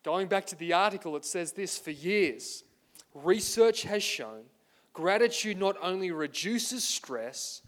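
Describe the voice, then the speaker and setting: A man's voice: high-pitched, lively intonation, measured pace. An Australian man preaching a sermon as pastor, earnest and self-deprecating as he tells a story.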